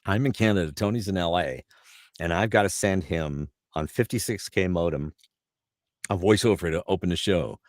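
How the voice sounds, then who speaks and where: A middle-aged voice actor telling lively anecdotes as an interview guest. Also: male voice, deep voice, dry recording, studio quality. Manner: lively, fast-moving anecdotes. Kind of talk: anecdotal storytelling.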